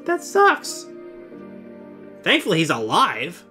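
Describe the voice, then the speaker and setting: A man's voice: high-pitched, wildly swooping pitch, slow, sharp tone, soft background music. A man hosting a casual video reaction, chatty and openly emotional, who exclaims and swears often. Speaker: reaction channel host.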